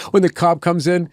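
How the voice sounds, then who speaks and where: A man's voice: fairly high pitch, no room sound, clean studio sound. A man, a stand-up comedian, telling rambling, profane stories in casual chat and acting out the voices of the people in them. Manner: rambling, profane, trails off into asides. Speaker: stand-up comedian, interview guest.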